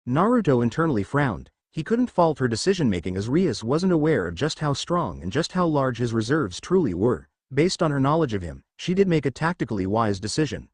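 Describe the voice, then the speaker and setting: A man reading a fan fiction story aloud in a steady scripted narration. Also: mid-range voice, brisk, hardly any pauses, husky, no room sound.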